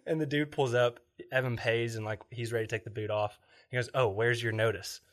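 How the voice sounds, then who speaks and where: A man's voice: medium pitch, brisk. A man co-hosting a casual podcast, telling stories and often laughing as he talks. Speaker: podcast co-host.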